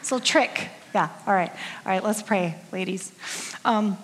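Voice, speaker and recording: A woman's voice: medium pitch, normal speed. Candid woman in her fifties preaching. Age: 50s. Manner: candid, self-deprecating storytelling. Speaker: women's ministry speaker. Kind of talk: conversational sermon. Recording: long reverb of a large hall.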